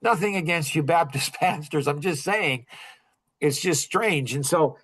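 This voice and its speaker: Brief: man in his sixties, a touch high-pitched, rambling podcast guest who keeps cutting himself off mid-thought. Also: fairly bright tone, husky. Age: 60s. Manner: rambling, self-interrupting, with quick laughs. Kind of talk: casual storytelling.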